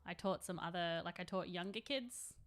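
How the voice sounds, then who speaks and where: A woman's voice: fairly low pitch, normal speed. A woman in her thirties chatting casually on a live stream, rambling and answering chat while she paints miniatures.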